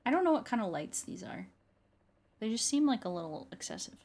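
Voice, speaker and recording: A woman's voice: fairly high pitch, sing-song, fairly quick, creaky, darkish tone. Chatty woman narrating her gameplay. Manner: chatty, repeats phrases, laughs often. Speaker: YouTuber and ASMR artist. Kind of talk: casual gameplay commentary.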